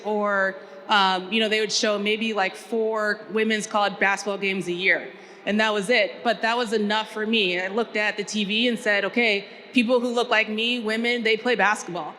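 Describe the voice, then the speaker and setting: Chatty panelist lady from minnesota, bright voice, lots of ums, bit of noise. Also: mid-range voice, moderate pace. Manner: chatty, animated storytelling with many fillers. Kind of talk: panel discussion storytelling.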